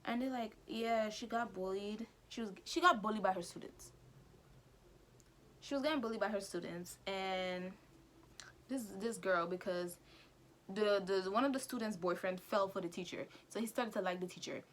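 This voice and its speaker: A woman vlogger retelling a story in casual chat while doing her makeup, talking in an animated, chatty way and acting out characters' lines. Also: mid-range voice, moderate pace. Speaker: vlogger recapping an anime.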